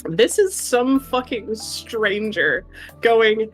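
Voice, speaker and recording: Wry, lower-voiced woman co-host. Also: expressive, normal speed, fairly bright tone, faint music behind. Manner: wry, joking, swears and laughs. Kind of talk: casual let's-play chat.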